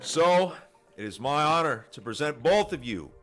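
A playful man chatting as he games with a friend, teasing him. His voice is a touch high and swings up and down with lively pitch, and faint music plays behind him. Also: a little slow. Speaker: fellow player. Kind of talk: casual chat while gaming.

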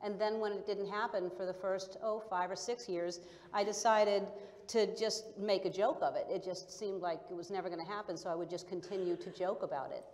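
A woman answering press questions on a panel in a relaxed, joking way. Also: mid-range voice, a little fast. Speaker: voice actor on a panel. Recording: long hall reverb.

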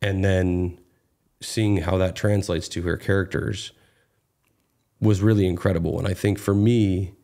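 A man's voice: low voice, steady tone, measured pace, warm tone. A man in his thirties, a guest actor, talking casually in an interview with many fillers and restarts.

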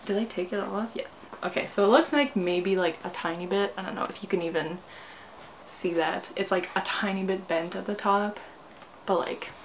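A woman's voice: medium pitch, moderate pace, a little hiss or hum. A young woman vlogging a book unboxing, gushing and giggling, repeating exclamations and sometimes dropping almost to a whisper. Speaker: booktuber. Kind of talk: excited unboxing vlog.

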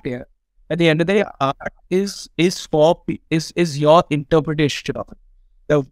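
This is a middle-aged man with an Indian English accent, telling stories on a podcast in a fairly high, smooth voice. He talks in an animated, irreverent way, swears freely and laughs often. The sound is dry and close. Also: dry recording, rough recording. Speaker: film director guest. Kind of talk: casual podcast storytelling.

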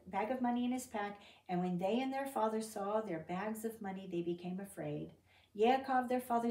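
Her mid-range voice carries some vocal fry as this woman leads a Bible study, conversing with the group and asking questions. Scripture is read aloud with lively emphasis, and the mic catches her from a distance in a reverberant space.

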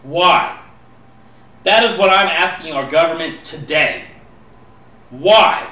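A man's voice: fairly high pitch, lively intonation, a little slow, recorded from a distance. Impassioned man reciting poetry, echoey room. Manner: impassioned, rising to pleading shouts. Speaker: poet. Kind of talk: spoken-word poetry recitation.

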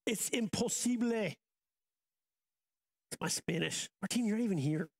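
A man's voice: high voice, lively intonation, unhurried, gravelly, darkish tone. A man in his thirties, a pastor preaching a sermon in a casual, conversational way, often restarting and going off on asides. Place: church auditorium.

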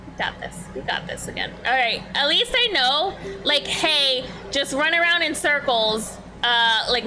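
A young woman streaming a video game live, panicking, swearing and shrieking in bursts between calmer remarks. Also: high voice. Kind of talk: live gameplay commentary. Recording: noisy game stream audio.

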